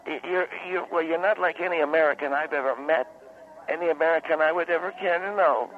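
A man voicing a confused older woman caller who is lost at a carnival, halting and hesitant as she stumbles over her own spelling. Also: fairly high pitch, pitched above the performer's own voice, lightly acted. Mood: puzzled. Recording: phone-like call line.

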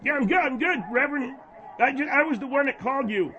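A man doing a whiny, squeaky dim young guy. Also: quick pace, sharp tone, dull audio. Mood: whiny, meek.

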